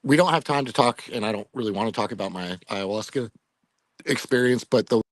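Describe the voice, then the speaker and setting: Low-voiced veteran telling an emotional story. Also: male voice, dry recording. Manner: reflective, emotional, halting with fillers. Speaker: retired Air Force veteran guest. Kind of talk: personal story in a podcast interview.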